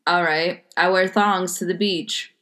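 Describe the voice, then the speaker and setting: A woman's voice: on the low side, steady tone, a little slow, fairly bright tone. A woman from the United States in casual chat, quizzing a friend on slang and giving example sentences with a teasing manner. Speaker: quiz giver in a word game.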